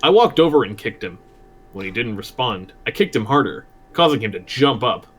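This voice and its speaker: A man's voice: mid-range voice, expressive, normal speed, fairly bright tone. A man co-hosting a podcast, reading a story aloud in a crude, joking, chatty way. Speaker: podcast co-host and reader.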